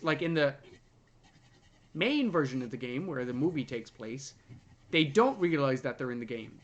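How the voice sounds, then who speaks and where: A young man talks through a film's plot on a casual review podcast. His voice sits a bit high. He swings up and down animatedly, breaking into loud character voices as he goes. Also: lo-fi sound. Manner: animated retelling of scenes, jumps into loud put-on character voices. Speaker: podcast co-host. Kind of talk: casual movie review chat.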